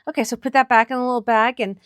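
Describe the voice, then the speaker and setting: A woman's voice: on the high side, steady tone, racing, a bit bright, dry recording, clean studio sound. A woman host chatting on camera at an estate sale, showing finds to viewers with chatty enthusiasm. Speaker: antiques picker and channel host. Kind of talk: casual on-camera commentary.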